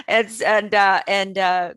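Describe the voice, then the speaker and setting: A woman's voice: mid-range voice, a bit bright, smooth, dry recording. A woman co-hosting an online interview show, supportive and chatty. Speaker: co-host. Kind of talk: casual interview chat.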